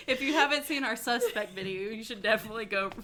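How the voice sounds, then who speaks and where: Bright-voiced young woman co-host, joking. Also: on the high side, a little hiss or hum. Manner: joking, self-mocking, laughing. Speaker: podcast co-host. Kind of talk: casual book-club chat.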